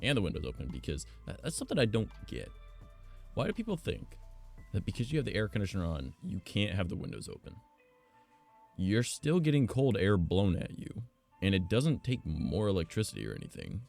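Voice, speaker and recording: A man's voice: on the low side, huge pitch swings, brisk, vocal fry, darkish tone. A man streamer telling stories in casual chat, rambling, blunt and profane. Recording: faint background music.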